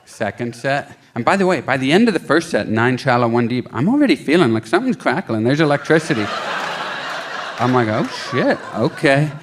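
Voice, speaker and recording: A young adult man performing a stand-up comedy set on a club stage into a handheld mic, telling a story with lively acted-out quotes. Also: medium pitch, brisk, a little hiss or hum. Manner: animated storytelling, acting out quotes.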